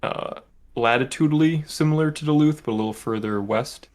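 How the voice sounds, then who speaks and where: A young man co-hosting a podcast, recounting a trip in a relaxed, matter-of-fact way. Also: mid-range voice, brisk. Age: young adult. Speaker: podcast co-host. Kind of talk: casual chat.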